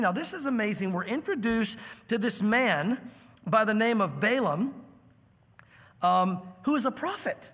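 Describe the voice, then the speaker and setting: A man preaching a verse-by-verse sermon as a pastor, emphatic and conversational, with quick asides to the listeners. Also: sits high, expressive, a bit bright, in a large hall. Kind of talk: expository sermon.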